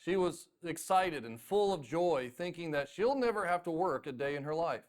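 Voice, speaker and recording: A man from North Carolina delivers a sermon from the pulpit. His voice sits slightly high for a man, and he tells stories with self-deprecating humor and animated asides. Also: normal speed. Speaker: pastor.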